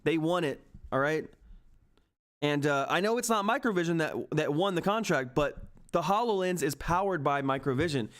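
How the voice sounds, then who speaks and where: A man's voice: on the high side, animated, moderate pace. Hyped, emphatic male stream host. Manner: hyped, repetitive, emphatic, swears mildly. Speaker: stock market livestream host. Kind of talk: excited live market commentary to chat viewers. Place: at home.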